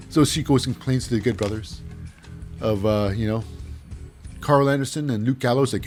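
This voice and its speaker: A man's voice: medium pitch, moderate pace, faint music behind. A man hosting a casual wrestling recap, rambling with sarcastic asides. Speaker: host.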